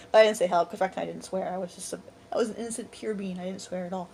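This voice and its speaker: A woman's voice: fairly low pitch, steady tone, rapid-fire, gravelly, few pauses, a little mellow, breathy edge. A woman co-hosting a casual podcast, telling stories animatedly and swearing freely. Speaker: podcast co-host. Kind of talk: casual storytelling chat.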